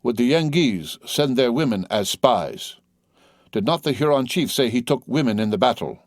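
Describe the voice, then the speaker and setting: A man voicing a stern, guarded male chief who answers in slow, grave, cautious speech. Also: mid-range voice, lively intonation, dry recording, clean studio sound, natural voice.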